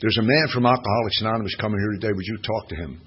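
A man's voice: lowish voice, racing, husky. Older man telling a wry, folksy story. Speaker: speaker at a recovery meeting. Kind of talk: storytelling recovery talk. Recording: dull lo-fi recording with faint hiss.

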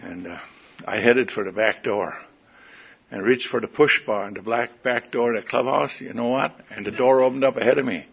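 A man's voice: medium pitch, normal speed, gravelly, husky, lo-fi sound. An older man giving a folksy, wry personal testimony at a meeting, in front of an audience. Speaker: recovery meeting speaker.

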